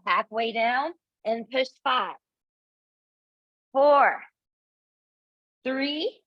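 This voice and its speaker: A woman's voice: on the high side, no echo, highs cut off. A woman instructor guiding a Pilates class, counting reps and giving encouraging cues, a little out of breath. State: slightly out of breath.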